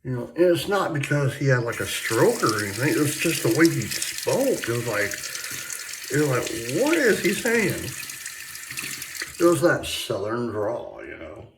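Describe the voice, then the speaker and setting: A man's voice: mid-range voice, sing-song, moderate pace, few pauses, background noise. A man from Michigan rambling in a casual chat, full of fillers and restarts. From Michigan, USA. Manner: meandering, many fillers and restarts. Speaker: shaving vlogger. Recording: echoey bathroom, faint tap water.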